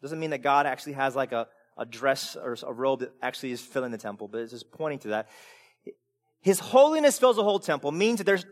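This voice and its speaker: A man with a high voice preaches with lively swings between hushed asides and loud, emphatic peaks. He often stumbles and repeats words as he restarts a thought. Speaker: pastor. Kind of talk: sermon.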